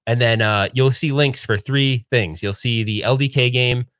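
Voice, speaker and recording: A man's voice: mid-range voice, normal speed, fairly bright tone. A man in his forties hosts a casual livestream. He rambles in an upbeat way, jumps between thoughts and restarts sentences as he goes. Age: 40s. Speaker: livestream host.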